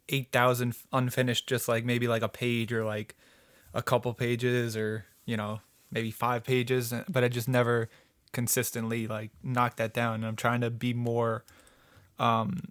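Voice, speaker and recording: A man's voice: mid-range voice, a bit bright, no room sound, studio quality. A man co-hosting a podcast, chatting casually and rambling with lots of "like" and "um". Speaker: podcast co-host.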